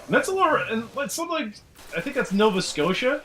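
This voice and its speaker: A man's voice: very high voice, very animated, quick pace, pushed and bright, slight background noise, rough recording. A man with a Canadian accent, chatting and rambling casually during a co-op game session over a headset. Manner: chatty and rambling, laughs easily. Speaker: gaming commentator. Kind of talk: casual co-op chat over gameplay.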